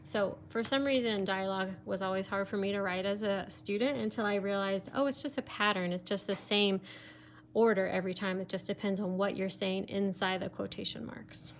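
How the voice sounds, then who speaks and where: A woman's voice: medium pitch, steady tone, fairly quick, a little hiss or hum. A woman teacher giving a recorded remote lesson, explaining step by step with many fillers, sometimes turned away from her computer mic.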